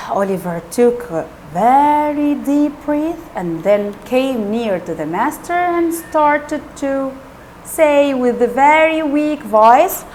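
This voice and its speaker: A woman teacher retells a classic novel to her pupils, her high voice rising and falling with great animation. She speaks slowly, pausing to explain words, with a faint hiss of noise behind her. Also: animated, a little mellow.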